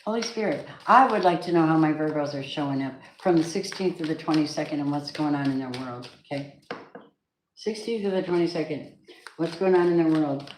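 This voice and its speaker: A woman's voice: low voice, fairly quick, a little hiss or hum. A woman giving a casual spiritual tarot reading, emphatic and preachy, talking straight to the viewer. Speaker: tarot reader. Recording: echoey room.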